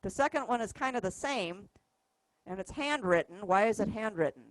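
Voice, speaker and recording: Speaking at a normal speed in an animated, medium-pitched voice, a woman teaches rhythm at a music workshop in a music store classroom. She patiently counts and sings the notes aloud, and the low-quality recording has no echo.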